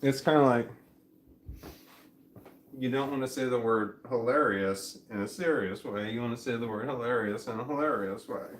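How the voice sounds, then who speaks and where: A man's voice: mid-range voice, normal speed, slight background noise. A middle-aged man talking to a distant camera at home in a meandering, self-interrupting way, chuckling now and then. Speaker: vlogger. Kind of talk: rambling casual monologue. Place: home room. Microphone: camera mic at a distance. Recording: roomy home recording, faint ambience.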